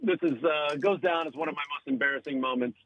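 A man's voice: a little high, fast talker, no room sound, dull audio. A man who is a radio show guest, chatting casually and telling a story with acted-out voices and frequent laughs. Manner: animated storyteller, acts out voices, laughs often. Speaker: radio show guest, comedian and podcast host. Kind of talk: casual chat.

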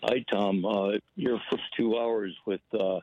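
A man's voice: on the low side, steady tone, a little slow, darkish tone, no echo, highs cut off. A man calling into a radio talk show, speaking hesitantly with many fillers. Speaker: caller. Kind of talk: phone call to a talk show.

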